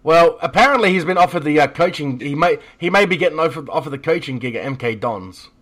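A man's voice: a little high, lively intonation, fast, fairly bright tone. A man co-hosting a casual football chat, joking and swearing freely. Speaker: podcast co-host.

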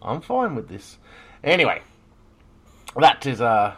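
A man's voice: medium pitch, huge pitch swings, takes it slowly, breathy edge. An Australian man hosting a casual podcast chat, rambling with lots of fillers and frequent laughs. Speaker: podcast host.

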